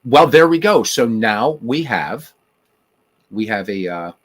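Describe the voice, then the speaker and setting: A man's voice: mid-range voice, very animated, slow pace, no room sound. A middle-aged man hosting a livestream in a casual, rambling way, with many restarts and "you know" fillers. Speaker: livestream host. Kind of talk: casual chat.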